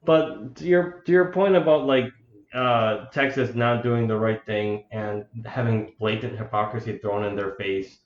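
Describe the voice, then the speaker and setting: A man's voice: lowish voice, a little slow. A man co-hosting a casual podcast chat, rambling through stories and laughing mid-sentence. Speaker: podcast co-host. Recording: roomy, dull lo-fi audio.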